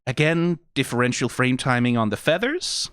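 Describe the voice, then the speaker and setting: A channel host giving excitable, profane, rambling reaction commentary on an animated episode. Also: mid-range voice, moderate pace. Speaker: video reactor.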